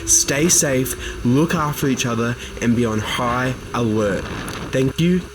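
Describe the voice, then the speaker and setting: A man's voice: mid-range voice, takes it slowly, background noise, pitched above the performer's own voice, close to an everyday voice. A man voicing a young male news reporter with an Australian accent, in a theatrical newscaster delivery.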